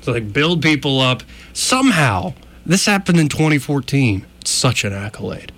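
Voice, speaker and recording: A man's voice: mid-range voice, normal speed. A man chatting casually as a podcast host, self-deprecating, laughing often and acting out the people in his stories. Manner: animated storyteller, acts out quotes. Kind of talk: casual chat.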